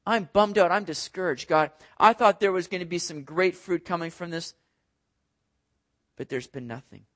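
A man's voice: sits high, moderate pace, close to an everyday voice. A man doing a dejected apostle, lamenting. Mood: discouraged. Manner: earnest, lamenting. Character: discouraged apostle Paul, adult man.

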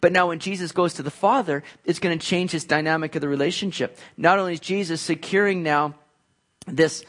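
A man's voice: on the high side, fairly quick, a bit bright. A man preaching a sermon as pastor, explaining scripture in a conversational way and acting out quoted voices.

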